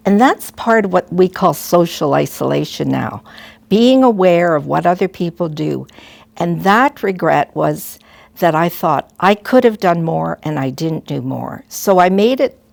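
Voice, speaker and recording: A woman's voice: lowish voice, vocal fry, darkish tone, dry recording. An older woman from Canada, a retired school principal, telling a personal story in a reflective, heartfelt way in a documentary interview.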